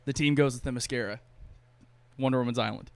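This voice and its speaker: A man's voice: mid-range voice, steady tone, fast, smooth. A man hosting a podcast, casually retelling a movie plot with lots of swearing and laughter. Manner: profane, laughing storyteller. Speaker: podcast host.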